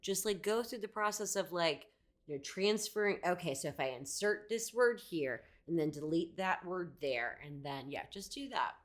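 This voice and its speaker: A woman with a somewhat low voice co-hosts a casual podcast. She talks bluntly and with exasperation and laughs often. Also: lively intonation, normal speed. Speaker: podcast co-host. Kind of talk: casual chat.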